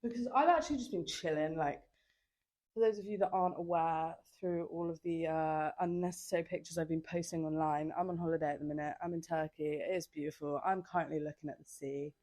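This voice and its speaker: A woman's voice: sits low, a little fast, a little mellow, no room sound. Chatty young woman, rambling podcast talk. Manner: chatty, rambling, filler-heavy, sassy asides. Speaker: podcast host. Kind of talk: casual solo podcast chat. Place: outdoors on holiday by the sea. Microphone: handheld microphone.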